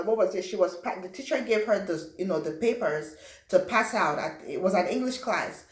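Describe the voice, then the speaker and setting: A young woman from Africa telling a personal story in a lively way, acting out what people said and adding sound effects. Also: on the high side. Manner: animated, acts out quotes and sound effects. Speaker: vlogger. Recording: roomy echo.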